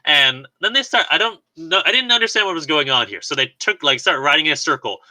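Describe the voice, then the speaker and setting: Chatty man recapping a film, bright voice. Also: a little high, expressive, quick pace, low-quality recording. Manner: rambling, laughs often, lots of "like" and restarts. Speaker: podcast co-host. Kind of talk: casual chat recapping a film.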